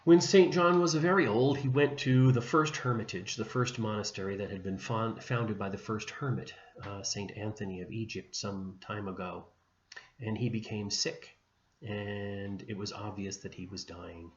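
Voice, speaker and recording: A man teaching religion by retelling a saint's life gently and without hurry, with small restarts along the way. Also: on the low side, normal speed. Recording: dull, echoey room recording with faint hum.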